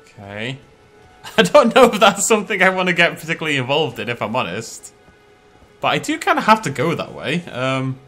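A man's voice: fairly high pitch, huge pitch swings, brisk, pushed and bright, soft background music. A man giving casual let's play commentary, chatting to the characters on screen and breaking into sudden alarmed outbursts. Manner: chatty, talks to enemies, jumpy outbursts. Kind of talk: live gameplay commentary.

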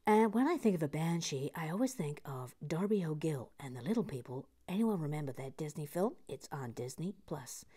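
A woman's voice: deep voice, lively intonation, fairly quick, few pauses, breathy edge. Playful woman, half-whispering host. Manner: playful, drifts between soft whispers and bursts of mock indignation; reads viewer messages aloud with hesitant restarts. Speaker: host of a live building stream reading viewer comments. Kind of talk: chatty live-stream commentary while building.

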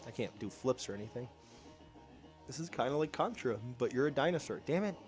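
A young man hosting a casual let's-play, sarcastic and excitable, slightly ill and clearing his throat. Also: medium pitch, fairly quick. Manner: sarcastic, reacting excitedly to gameplay. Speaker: gaming channel host. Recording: faint game music behind.

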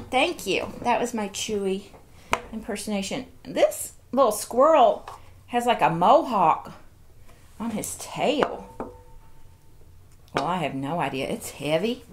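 A woman's voice: mid-range voice, slight background noise. A woman, chatting casually while unboxing toys and cooing over each one. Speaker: toy collector vlogger.

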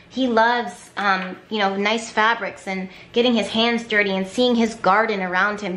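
A woman's voice: mid-range voice, unhurried, hardly any pauses, a bit bright, reverberant. A woman giving an intuitive tarot reading to camera, talking emphatically with repetition and flashes of exasperation. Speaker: tarot card reader.

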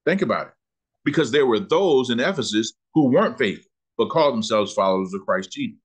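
A man, teaching a Bible lesson in sermon style, asking questions and slowing down to read scripture. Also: mid-range voice, lively intonation, slightly rough. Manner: preacherly, asks questions and answers them, slows down on scripture.

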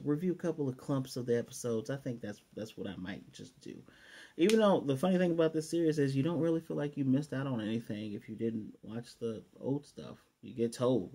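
Casual male reviewer, dark husky voice, rambling recap with chatty asides. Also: mid-range voice. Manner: rambling, chatty, with frequent restarts and quoted asides. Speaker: anime reviewer.

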